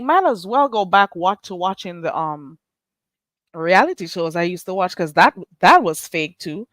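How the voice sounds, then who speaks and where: A woman's voice: lowish voice, measured pace, a bit bright, no echo. A middle-aged woman, hosting a casual live stream, teasing and sarcastic as she greets her chat and laughs often.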